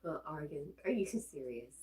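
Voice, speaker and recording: Low, mellow-voiced woman chatting on a livestream. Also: moderate pace, poor audio. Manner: relaxed, chatty, reads viewer comments aloud. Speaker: livestream host reading chat. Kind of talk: casual livestream chat.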